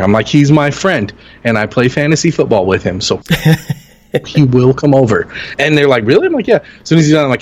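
A man's voice: mid-range voice, big pitch swings, brisk, lo-fi sound. A man co-hosting a casual podcast, telling stories animatedly and acting out quotes in a raised voice. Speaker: podcast co-host. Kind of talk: casual storytelling chat.

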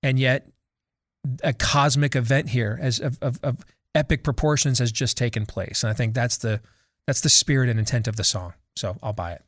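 A man's voice: medium pitch, moderate pace, no echo, clean studio sound. A man hosting a talk show, chatting loosely with his co-hosts and breaking for live ad reads. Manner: loose, conversational, with frequent restarts and asides. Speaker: radio show host.

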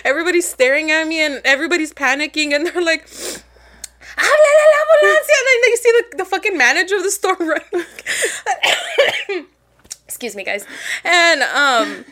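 A woman's voice: high-pitched, big pitch swings, normal speed, bright, forceful tone. A young woman co-hosting a podcast, telling a story in casual chat, profane and giggly. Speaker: podcast co-host.

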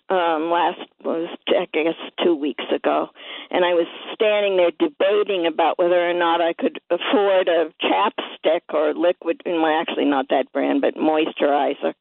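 A woman's voice: lowish voice, no room sound. Indignant woman caller on a phone line. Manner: indignant, storytelling. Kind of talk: phone-in call.

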